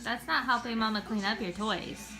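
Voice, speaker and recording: A woman's voice: fairly high pitch, normal speed, music in the background. A young woman vlogging at home, talking in a sing-song baby voice to her toddler and now and then to viewers. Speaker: vlogger and mother. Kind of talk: casual home vlog talk. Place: at home indoors. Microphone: phone camera.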